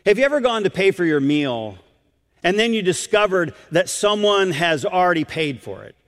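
A man preaching a sermon as pastor, emphatic, with dramatic pauses and questions put to the congregation. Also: sits high, sing-song, big-room sound.

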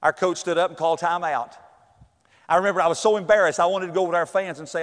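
A middle-aged man, telling a personal story with animated acted-out voices and shouts. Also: high-pitched, fast, big-room sound.

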